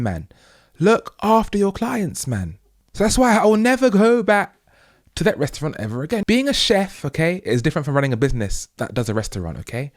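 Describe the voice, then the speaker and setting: A man from the UK hosting his own show, delivering an emphatic, preachy monologue that keeps checking in with "okay?" and jumps higher and louder on key points. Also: big pitch swings, fairly quick, no room sound, studio quality. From United Kingdom. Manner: rising to loud high emphasis on key points. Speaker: host. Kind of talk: opinionated monologue.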